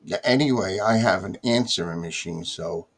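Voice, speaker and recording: This vlogger is a man from the United States with a deep voice at normal speed. He speaks straight to camera in an exasperated, casual monologue, grumbling and repeating his complaints.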